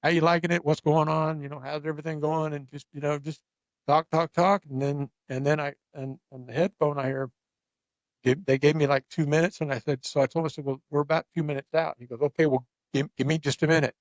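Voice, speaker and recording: A man's voice: on the high side, a little fast, dry recording. Man telling a rambling backstage story. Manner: rambling, animated, repeats words when starting sentences. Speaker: podcast host. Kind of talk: casual storytelling chat.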